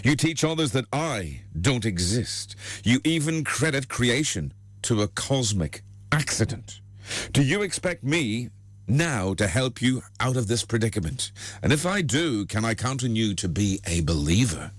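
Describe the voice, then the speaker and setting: A man's voice: mid-range voice, lively intonation, measured pace, dry recording. A man voicing God as a stern, questioning voice from the sky in a joke on the radio. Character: solemn male voice of God from the sky.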